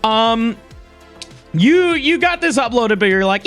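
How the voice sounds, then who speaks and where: A livestreamer chatting casually to viewers, excitable and quick to laugh, swearing casually. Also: mid-range voice, faint music behind.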